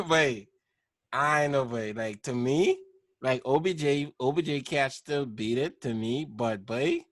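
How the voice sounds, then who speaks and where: Slangy animated man, very dry sound. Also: medium pitch, takes it slowly, dry recording. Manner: slangy, animated, laughs mid-sentence. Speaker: podcast co-host. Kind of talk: casual sports chat.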